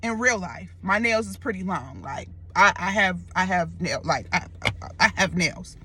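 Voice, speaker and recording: A young woman casually retelling a dream in a vlog, expressive and loose, full of slang and swearing. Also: on the low side, moderate pace, slight background noise. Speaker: storyteller vlogger.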